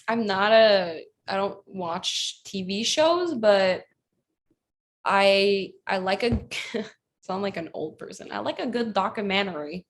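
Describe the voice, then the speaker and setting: A woman's voice: medium pitch, animated, slow. A woman in her twenties, a pro athlete guest, chatting casually with laughs and some hesitation. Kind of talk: casual interview chat.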